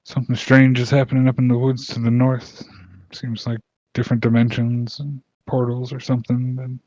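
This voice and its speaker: A man running an online tabletop game as game master, talking in a relaxed, rambling way with many fillers. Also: mid-range voice, moderate pace, dry recording, muffled recording.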